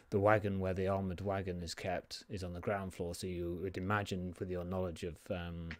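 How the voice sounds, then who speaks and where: A man's voice: sits low, a little mellow, dry recording. A man narrating a tabletop game as game master, rambling with lots of fillers as he describes scenes.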